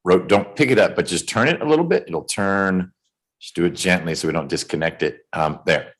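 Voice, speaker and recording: Low-voiced judge, patient and plain. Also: male voice, brisk, a bit bright. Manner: plain, patient, gives practical instructions. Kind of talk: courtroom proceedings. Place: courtroom.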